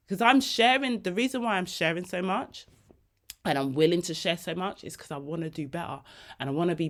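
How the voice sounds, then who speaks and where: A woman hosting a podcast, telling personal stories in a candid, slangy, emotionally open way. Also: mid-range voice. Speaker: podcast host.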